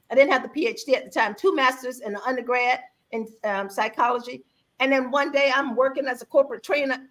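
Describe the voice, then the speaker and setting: Bright, animated woman in her sixties. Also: fairly high pitch. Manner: animated, acts out quoted dialogue with her own voice. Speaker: guest speaker on faith and mother-daughter bonding. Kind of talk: conversational personal storytelling.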